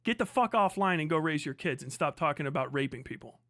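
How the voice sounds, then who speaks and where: Streamer, male, high voice, dry close sound, angry mocking rants. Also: expressive, quick pace, a bit bright, no room sound. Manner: heated, mocking, swearing. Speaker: livestream host reacting. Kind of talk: profane livestream reaction.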